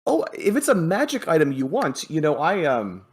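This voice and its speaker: A man playing a smarmy male huckster giving a condescending sales pitch with hesitant fillers. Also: huge pitch swings, moderate pace, slightly rough, heavily acted.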